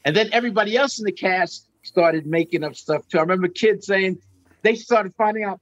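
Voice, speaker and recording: A middle-aged man casually telling an anecdote as a guest, animated and acting out quotes with jumps in pitch. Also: fairly quick, no room sound, dull audio. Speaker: guest storyteller.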